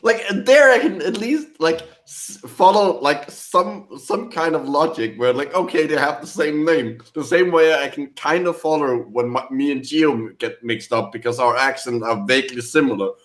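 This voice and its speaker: A man's voice: fairly high pitch, animated, normal speed, hardly any pauses, a bit bright. A man chatting on a call in a rambling way, full of "like" fillers. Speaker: panelist. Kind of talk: casual chat on a call.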